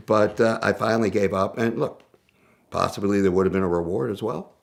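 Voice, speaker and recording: A man with a low, gravelly voice tells a story casually. He is animated and conversational and often restarts his sentences mid-thought. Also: brisk. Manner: animated, conversational, self-interrupting. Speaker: guest storyteller.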